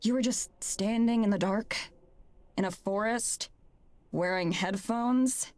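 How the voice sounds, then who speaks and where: A man's voice: high voice, slow, no room sound, voice pushed up. A man voicing an anxious, incredulous young woman in a put-on British accent while reading a game aloud. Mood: exasperated.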